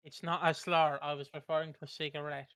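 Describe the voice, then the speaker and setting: A man's voice: fairly high pitch, flat delivery, sharp tone, smooth, dry recording. A man co-hosting a live watch party, cracking teasing jokes and laughing often. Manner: teasing, jokey, quick to laugh. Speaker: co-host reacting to a soap episode. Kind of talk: casual watch-party chat.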